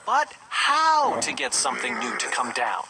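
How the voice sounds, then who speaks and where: A narrator reading a children's storybook aloud in a slow, expressive manner. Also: medium pitch, vocal fry, background noise.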